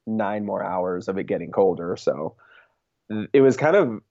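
Young man, casual interview talk, mellow dark tone, lots of filler words, dull lo-fi sound. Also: low voice, unhurried, no room sound. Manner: relaxed, filler-heavy, laughs often. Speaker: interviewed race champion.

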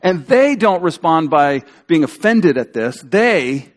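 A man preaching a sermon as a pastor, in a conversational, animated storytelling way with acted-out quotes. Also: a little high, takes it slowly. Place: church sanctuary. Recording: church hall reverb.

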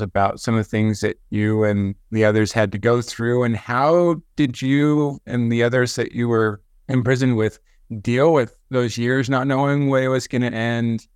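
A man hosting an interview show, introducing his guest and asking measured questions in an upbeat tone. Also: mid-range voice, smooth, dry recording, studio quality. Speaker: podcast host.

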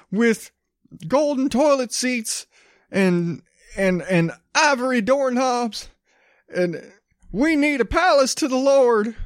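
A man's voice: no echo, studio quality. A man putting on a greedy televangelist. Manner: high-pitched and pleading. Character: greedy pleading male televangelist begging for money.

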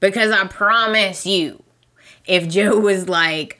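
A woman's voice: medium pitch, slow pace, bright, forceful tone. A woman hosting a podcast, chatting casually and emphatically as she recaps a soap opera, often laughing. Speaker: podcast host.

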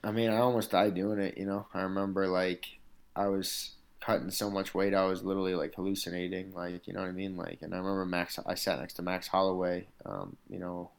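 A man with a low-pitched voice and a lot of gravelly fry sits as an interview guest. He tells stories about his fights casually and rambles along, leaning on fillers like "like" and "you know". He sounds like a fighter chatting, not someone performing. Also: level tone, a little fast. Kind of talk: casual storytelling in conversation.

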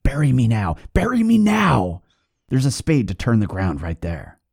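A man voicing a dead man's corpse that speaks in hushed, sighing commands in a told ghost story. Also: mid-range voice, sing-song, moderate pace, creaky, husky, voice pushed up, heavily acted. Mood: urgent. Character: eerie talking male corpse, quiet and insistent.

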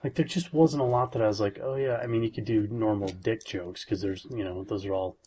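A man's voice: on the low side, fairly even intonation, brisk, dark tone, breathy edge. A man co-hosting a casual podcast chat in a laid-back, agreeable way. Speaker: podcast co-host.

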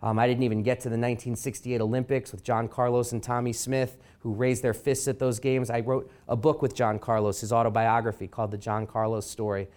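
A man giving a talk at a library as an author, telling stories and acting out quotes with lively energy. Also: mid-range voice, brisk, few pauses. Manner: animated storyteller acting out quotes. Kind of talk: public lecture with anecdotes. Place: library event room.

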